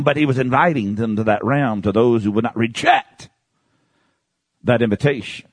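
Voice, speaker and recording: A man preaching an expository Bible sermon in a conversational way, swinging between high emphatic outbursts and low hushed asides and asking his listeners questions. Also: moderate pace, no room sound.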